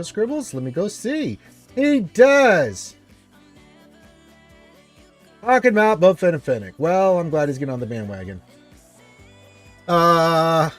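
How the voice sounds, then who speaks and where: A man hosting a casual gaming live stream, chatting loosely and reading out viewer greetings. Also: mid-range voice.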